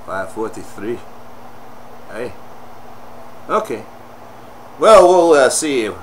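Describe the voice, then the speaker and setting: A man's voice: fairly low pitch, big pitch swings, unhurried, pauses often, fairly bright tone, slight background noise, low-quality recording. A man hosting a live song-request stream, chatting casually in a rambling way, greeting viewers and laughing often. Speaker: livestream host taking song requests. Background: music playing.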